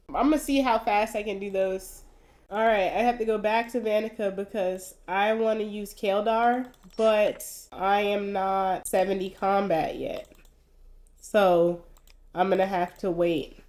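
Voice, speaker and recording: A woman's voice: medium pitch, darkish tone. A young adult woman giving casual, wry commentary as she plays a video game, thinking aloud as she goes. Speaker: gaming video host.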